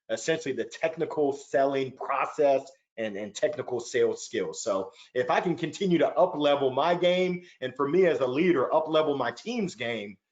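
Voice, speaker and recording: Over a video call, a sales leader joins a webinar panel as a guest, earnest and upbeat, frequently repeating a word as he launches into a point. The sound is lo-fi, and his pitch is fairly high.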